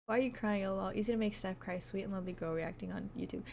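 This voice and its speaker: A woman's voice: mid-range voice, quick pace, creaky, a little mellow, a little hiss or hum. Chatty woman streamer who laughs a lot. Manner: laughs often, chatty and thankful. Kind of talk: casual chat reading out viewer messages.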